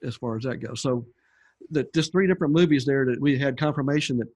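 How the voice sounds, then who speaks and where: A man's voice: mid-range voice, fast talker, darkish tone. An older man, a podcast guest, telling his story in a rambling, conversational way with many fillers. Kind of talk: conversational testimony.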